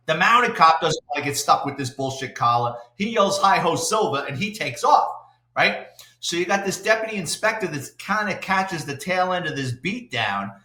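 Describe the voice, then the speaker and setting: An older man, a retired police detective telling salty, animated stories in an interview. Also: fairly high pitch, moderate pace. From New York City. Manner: salty, animated anecdote-telling with acted-out quotes. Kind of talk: storytelling interview. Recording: roomy echo.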